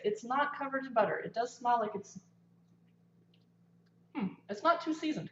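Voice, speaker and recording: A woman with a slightly high voice chats casually to viewers while cooking, talking as she eats and works. She is in a home kitchen with lots of echo, and the sound is a bit dull. A faint hum sits under her voice. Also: animated, a little fast, long pauses. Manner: chatty, talks while eating and cooking. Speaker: livestream cooking host. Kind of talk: casual livestream cooking chat.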